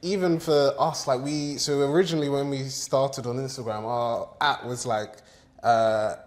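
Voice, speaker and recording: A man's voice: mid-range voice, steady tone, moderate pace. A young man, hosting a podcast, chatting casually and filling his talk with likes. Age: young adult. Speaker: podcast host.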